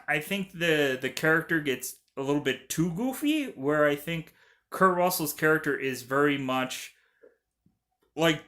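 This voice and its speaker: Male movie reviewer, slow and meandering, bright tone, lots of fillers. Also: fairly high pitch. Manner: rambling, many fillers, laughs often. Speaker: film reviewer.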